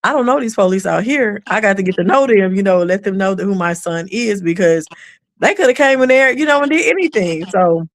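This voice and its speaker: Animated mom telling stories. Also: female voice, medium pitch, fairly quick, dry recording, clean studio sound. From East Texas. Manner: animated, acts out quoted voices, drops into a whisper when quoting. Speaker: mother of an autistic son, guest. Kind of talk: casual storytelling on a podcast.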